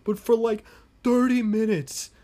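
A man with a high voice hosts a casual podcast. He tells stories with lots of swearing and jumps into quick impressions of the people involved. His delivery is loose and animated. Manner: animated, profane, retells scenes with quoted voices. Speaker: podcast host.

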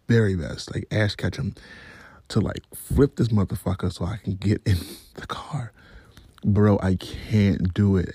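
A man's voice: on the low side, gravelly, warm tone, husky, dry recording, studio quality. A man vlogger telling a story about his week in a casual, profane, rambling way.

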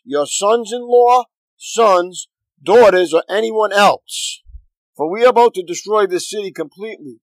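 A man's voice: high-pitched, no room sound, low-quality recording. A man reading aloud as an angel messenger, urgent and insistent, giving commands.

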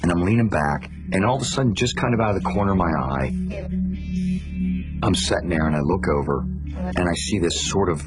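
A man's voice: sits low, a little fast, long pauses. A man earnestly telling a first-person ghost story and building suspense, with music playing behind him.

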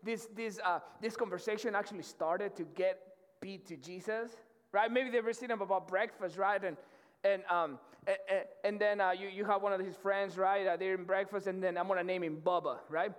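High-voiced pastor in a reverberant hall. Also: male voice, fairly even intonation, normal speed, clean tone. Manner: conversational and slangy, with many restarts and repeated "right?". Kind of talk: casual sermon to college students. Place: church auditorium. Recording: long reverb of a large hall.

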